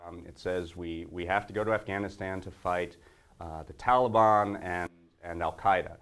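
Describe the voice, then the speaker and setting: Low-voiced hesitant male co-host. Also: fairly bright tone, clear, resonant tone. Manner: hesitant, many fillers, measured. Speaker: guest co-host. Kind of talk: casual political discussion.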